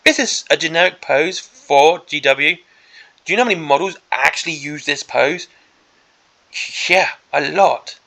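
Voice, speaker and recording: A man with a gravelly, crackly edge to his voice that sits a little high for a man. He has a bright, sharp tone. He rants through a preview in an exasperated, sarcastic way. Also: unhurried. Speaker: miniatures hobby channel host. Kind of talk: ranting preview commentary.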